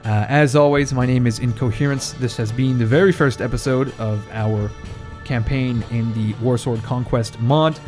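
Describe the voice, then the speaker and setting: A man's voice: medium pitch, fairly even intonation, moderate pace, darkish tone, soft background music. A man giving casual let's play commentary as a gaming channel host, joking with wry asides and chuckles.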